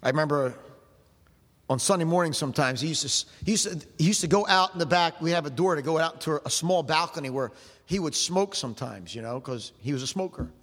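High-voiced storytelling preacher in a hall. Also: male voice, a little fast, a bit bright. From South Jersey. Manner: folksy, rambling, punctuated with "amen". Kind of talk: storytelling sermon.

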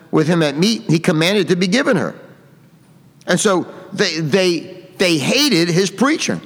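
Preacher with a raised voice, reverberant hall. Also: male voice, a little high. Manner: reads King James verses aloud, then comments emphatically. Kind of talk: sermon with scripture reading.

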